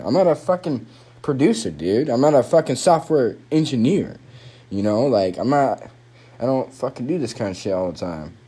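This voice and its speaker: A man's voice: mid-range voice, mellow, breathy edge. Young dude swearing a ton into his phone mic, rambly, voice jumping all over. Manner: swears constantly, rambling, frustrated. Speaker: podcaster. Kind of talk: frustrated solo podcast rant. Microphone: phone microphone.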